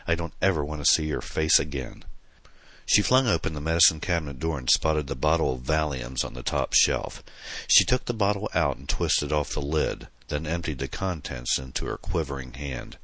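A man's voice: a bass voice, animated, normal speed, fairly bright tone, no echo. A man reading a novel aloud in dramatic, tense scripted narration. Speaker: audiobook narrator.

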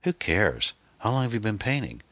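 A man's voice: lowish voice, very animated, normal speed, a bit bright, dry recording, pitched above the performer's own voice. A man voicing a curious, polite woman who asks eager questions in a storybook reading. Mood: inquisitive. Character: curious polite woman, inquisitive and easily impressed.

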